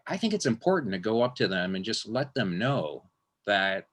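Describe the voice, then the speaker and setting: Low-voiced man in rambling chat. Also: big pitch swings, normal speed. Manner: rambling, with frequent restarts and acted-out quotes. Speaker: magician. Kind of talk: casual interview chat.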